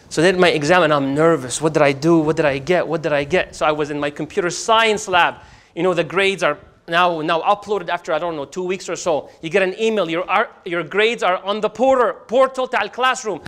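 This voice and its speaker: A man's voice: a little high, fairly quick. A man teaching a religious class to a live audience, telling stories with humor and acting out the dialogue. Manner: animated, humorous, acts out dialogue. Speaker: Islamic teacher. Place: mosque hall with a live audience.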